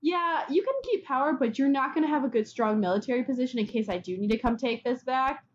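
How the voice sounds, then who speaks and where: A woman putting on a smug male emperor with a deliberately bad mock French accent. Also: high voice, animated, dull audio, slight background noise.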